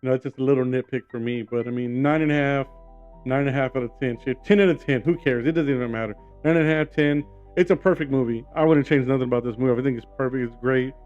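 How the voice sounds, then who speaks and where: A man's voice: mid-range voice, fast, a little mellow, highs cut off, faint music behind. A man giving a casual, enthusiastic movie review, rambling with lots of "you know" and "like".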